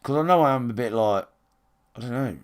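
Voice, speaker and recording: A man's voice: mid-range voice, brisk, clear, resonant tone. A man talks to a small live stream audience from his room. He rambles bluntly and swears freely, circling back with fillers and restarts. He sounds like a man in his thirties speaking into a desk mic. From England. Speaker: game streamer. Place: his own room, alone.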